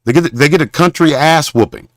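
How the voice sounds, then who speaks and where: A man from Southern hosting a confrontational livestream rant, rambling and halting, with preacher-like condemnations. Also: on the high side, no room sound, studio quality. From Southern Oklahoma. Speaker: show host.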